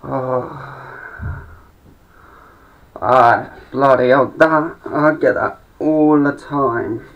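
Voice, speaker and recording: A man's voice: mid-range voice, steady tone, slow. A young man rambling through a sweary stand-up monologue with mumbled asides. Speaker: amateur comedian. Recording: dull lo-fi home recording.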